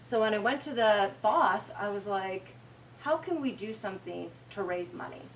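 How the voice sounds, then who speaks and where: American woman anchor speaking at a campus event, expressive storyteller, heard from a little off-mic with a faint hum behind. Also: medium pitch. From United States. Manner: animated storytelling, acts out her own reactions. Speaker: TV news anchor giving a talk. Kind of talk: campus talk to students. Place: university lecture room. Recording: slightly distant mic, faint room noise.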